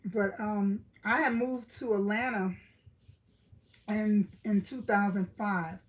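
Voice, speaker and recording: A woman's voice: mid-range voice, steady tone, takes it slowly, low-quality recording. A middle-aged woman from Brooklyn with a New York accent, chatting casually with live-stream viewers, greeting them by name and laughing often.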